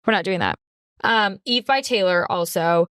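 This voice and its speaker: A woman's voice: mid-range voice, normal speed, a bit bright, clear, resonant tone, no room sound, studio quality. A young woman chatting as a podcast guest, giving eager recommendations in a casual way with lots of "like". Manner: chatty, enthusiastic recommendations with frequent "like". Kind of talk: casual chat.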